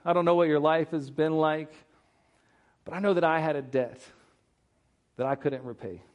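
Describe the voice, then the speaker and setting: A male pastor with a slightly high voice preaching earnestly. He talks in an easy, conversational way and often repeats words as he works through a thought. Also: normal speed, dull audio. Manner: conversational, retells scripture with acted-out dialogue. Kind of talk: sermon.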